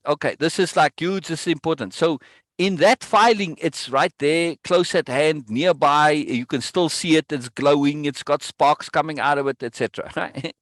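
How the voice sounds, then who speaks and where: Guy coaching someone, kinda higher voice, keeps going "right?", really emphatic, super dry close sound. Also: normal speed, a bit bright, no room sound. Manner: emphatic, checks in with "right?" often. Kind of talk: coaching session.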